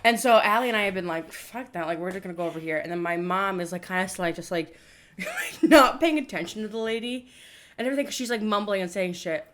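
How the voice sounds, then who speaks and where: A woman's voice: mid-range voice, expressive, fast talker, a bit bright. A young woman co-hosting a comedy podcast, telling stories in casual chat with lots of laughing and filler words. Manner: giggly, laughs often, many fillers. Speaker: podcast co-host.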